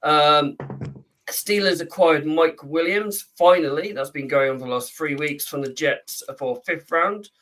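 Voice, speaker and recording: A man's voice: a little high, a little slow, a bit bright, recorded from a distance, low-quality recording. UK male co-host, chatty news read, many fillers, sits back from mic. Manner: chatty, with frequent ums and uhs while reading. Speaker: podcast co-host reading the trade news. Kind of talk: casual chat.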